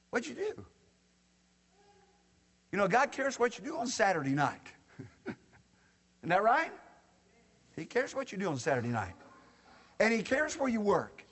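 A man's voice: a little high, fairly bright tone, slightly rough, in a large hall. A man preaching a sermon in a folksy, joking way, talking straight to the congregation.

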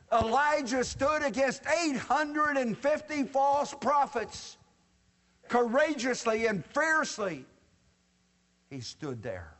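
A man's voice: very high-pitched, very animated, takes it slowly, a bit bright, big-room sound. A man preaching a sermon in a folksy, joking way, talking straight to the congregation.

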